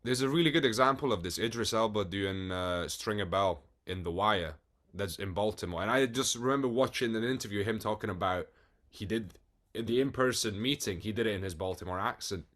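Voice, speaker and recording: A man's voice: fairly low pitch, fairly quick, fairly bright tone. A man hosting an interview, adding short agreeing interjections. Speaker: podcast host. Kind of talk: interview conversation.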